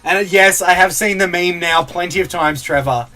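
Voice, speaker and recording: An Australian man with a high, sharp voice talks at a normal speed over soft background music. He's live-streaming while opening card packs, chatting casually, laughing a lot and reading viewer comments aloud.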